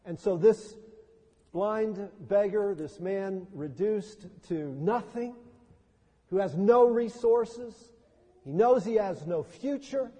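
A man's voice: high-pitched, dark tone, breathy edge. A man preaching a sermon as pastor, reading scripture and rising to impassioned cries. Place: church sanctuary. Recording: long church reverb.

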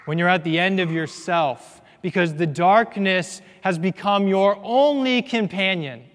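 A man preaches in a big hall whose long reverb trails after each phrase. His voice sits a little high for a man. He drops to a near hush, then rises loud and emphatic as he drives his point home. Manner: earnest, swings from hushed to loud and emphatic. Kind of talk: sermon.

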